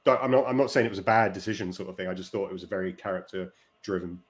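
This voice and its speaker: A man's voice: low-pitched, fairly even intonation, racing. A man hosting a casual film chat, talking in a rambling way with many fillers and restarts.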